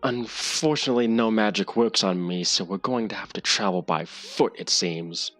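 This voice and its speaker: Low-voiced man running a tabletop game. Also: moderate pace, a bit bright, dry recording, faint music behind. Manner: hesitant, restarts often. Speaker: game master.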